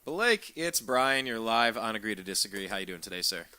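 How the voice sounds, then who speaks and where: A male political talk show host with a bright, bouncy voice that swings up and down. He jokes around and leans on sarcasm. The sound is dry and close, with no room echo. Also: fairly low pitch, very animated, brisk. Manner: upbeat, joking, sarcastic.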